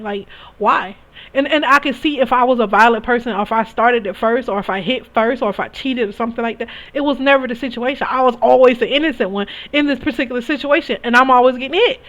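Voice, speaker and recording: A woman's voice: on the high side, fairly quick, fairly bright tone. Candid young woman, dull lo-fi sound. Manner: candid, emphatic, frequent restarts. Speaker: spiritual reader sharing experiences. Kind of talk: casual personal storytelling. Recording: dull lo-fi recording.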